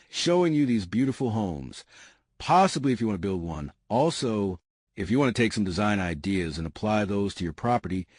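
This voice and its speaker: A low-voiced man leads an eager walkthrough of a big house and speaks to his viewers as family. His pitch rises and falls a lot as he points things out. The sound is close and dry. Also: breathy edge, no room sound. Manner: enthusiastic, addresses viewers as family. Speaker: home tour host. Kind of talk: enthusiastic real estate walkthrough. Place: inside a large house.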